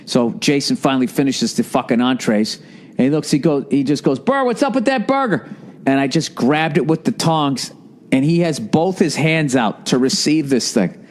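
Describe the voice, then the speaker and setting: A man's voice: medium pitch, normal speed, a little mellow. A man and podcast host telling a comic story in a profane, rambling way, full of asides. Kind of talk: comedic storytelling.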